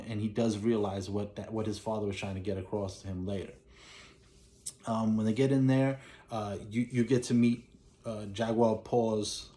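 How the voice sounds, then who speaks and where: A male movie reviewer gives a casual recap of a film's plot, rambling with fillers and restarts as he goes. His voice is on the low side with a dark tone.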